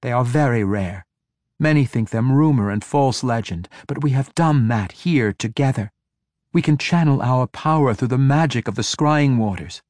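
A man's voice: medium pitch, animated, normal speed, a little mellow, dry recording, studio quality, voice pushed up, natural voice. A man voicing a scheming, gleeful female elven priestess, speaking eagerly and exultantly in an audiobook. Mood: explaining.

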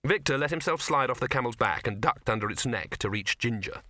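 A man's voice: mid-range voice, animated, a little fast, bright, forceful tone, no echo. A man narrating a comic novel as an audiobook reader, read close to the mic. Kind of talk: scripted narration.

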